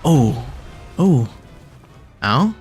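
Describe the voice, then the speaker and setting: Man, casual gameplay commentary, thinks out loud, quick exclamations, average pitch, soft music underneath. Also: sing-song. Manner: chatty, thinks aloud, reacts with sudden exclamations. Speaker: gaming video creator.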